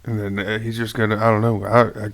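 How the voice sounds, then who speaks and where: A man's voice: on the low side, level tone, fast, a bit bright. A man playing a tabletop game, talking earnestly and pleading when he speaks in character. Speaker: player. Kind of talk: tabletop role-play.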